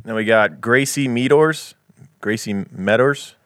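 A man co-hosting a podcast who reads listener reviews aloud in an easygoing way and adds quick asides. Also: medium pitch, a bit bright, no echo. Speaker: podcast co-host. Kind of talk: casual podcast chat, reading listener reviews.

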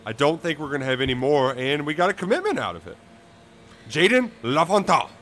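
A man co-hosting a sports podcast from his home, talking in a hurried, halting way with many fillers. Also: fairly high pitch, expressive, fairly bright tone. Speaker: podcast co-host. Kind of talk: casual sports chat.

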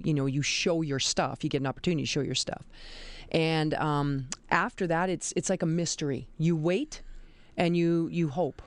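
A woman in her forties, a basketball referee and teacher, telling lively stories as a guest in a studio radio interview. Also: sits low, clear, resonant tone, dry recording. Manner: lively, animated storytelling with laughter. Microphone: studio microphone.

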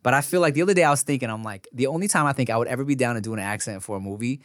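A man from the United States in his thirties trades casual, profane talk as a podcast co-host, laughing frequently. His medium-pitched delivery is rapid-fire, and the recording is dry.

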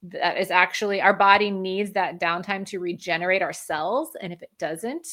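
A woman's voice: medium pitch, moderate pace, few pauses, a bit bright. A woman guest speaking as a functional medicine practitioner, explaining in a conversational way and laughing often. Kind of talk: conversational interview.

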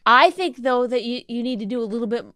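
A woman's voice: fairly high pitch, fast, fairly bright tone, no room sound, studio quality. A woman arguing with her partner in casual talk, persistent and teasing, pressing her point. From grew up around a laid-back way of talking. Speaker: partner in a couple's argument. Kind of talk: casual argument.

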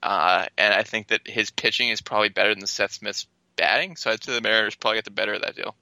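A man co-hosts a relaxed baseball podcast in a lowish, strikingly bright and forceful voice. The sound is dry and close, with no room around it. He gives matter-of-fact takes and ribs his partner. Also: fast, vocal fry, no room sound, low-quality recording. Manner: teasing, matter-of-fact opinions. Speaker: podcast co-host. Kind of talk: casual sports chat.

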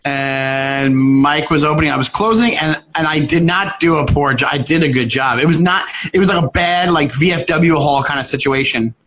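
Animated bright-voiced comedian telling stories. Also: male voice, normal speed, hardly any pauses. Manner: animated storyteller, acts out hecklers with loud swings in pitch. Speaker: stand-up comedian. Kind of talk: casual podcast chat over a video call. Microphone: video call. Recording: lo-fi call audio.

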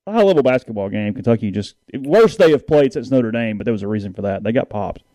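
A man's voice: medium pitch, expressive, quick pace, dark tone, no room sound. Chatty man hosting a sports podcast. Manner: rambling, chatty, with frequent restarts. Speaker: sports talk podcast host. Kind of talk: casual sports chat and sponsor reads.

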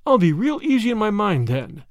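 A man's voice: high voice, sing-song, moderate pace, no room sound, studio quality, pitched above the performer's own voice. A man voicing a fretful, chatty old grandmother who talks in a tremulous, anxious way. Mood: relieved.

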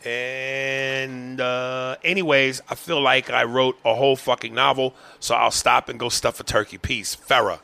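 A man hosting a podcast, reading a listener's email aloud in a profane, animated way. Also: medium pitch, a little slow, creaky, few pauses, clean tone. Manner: profane, animated, breaks into laughter. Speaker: podcast host.

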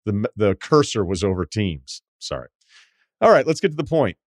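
Wry low-voiced man hosting a podcast. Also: big pitch swings, moderate pace, no echo, clean studio sound. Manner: wry, profane, riffing asides. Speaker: podcast host. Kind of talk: casual chat, reading a listener email.

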